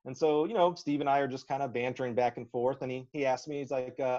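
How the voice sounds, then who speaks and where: A man from Alabama, a track coach, spins a long story on a podcast in a folksy, animated way and acts out every quote. His voice sits mid-range, and the recording is slightly muffled and lo-fi. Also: medium pitch, fast, hardly any pauses. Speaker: track and field coach, guest. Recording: slightly dull lo-fi audio.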